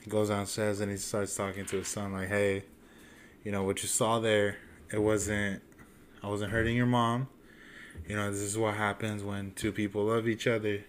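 A man's voice: fairly low pitch, little pitch movement, moderate pace, slight background noise. A young man co-hosting a casual podcast, telling a crude joke full of swearing and acted-out voices. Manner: swearing storyteller, acts out voices. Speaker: podcast co-host.

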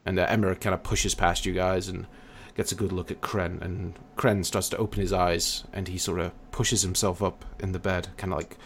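A man narrating a tabletop game as game master, in a relaxed, filler-heavy way. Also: low voice, moderate pace, hardly any pauses, a little hiss or hum.

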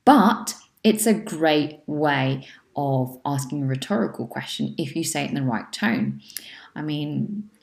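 Low-voiced, animated woman English teacher. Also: unhurried, vocal fry, echoey room. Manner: checks in with frequent "okay?"; acts out sample answers with exaggerated intonation. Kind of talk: spoken exam tips lesson.

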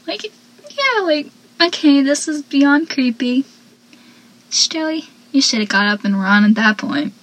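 A young woman casually recapping a TV episode, chatty and laughing often, with animated asides. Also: sits high, measured pace, rough recording.

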